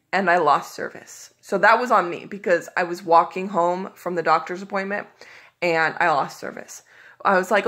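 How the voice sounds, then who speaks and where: A woman talks straight to her audience in a loose, conversational vlog style. Her voice sits at an ordinary middle pitch, and her frustration and exasperation come through as she retells what happened. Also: a bit bright. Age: adult. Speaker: vlogger. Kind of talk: casual storytelling to camera.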